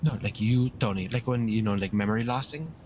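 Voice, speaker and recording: A man talking in character in a roleplay game, swearing constantly and rambling excitedly through a story. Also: lowish voice, a little fast, a little hiss or hum.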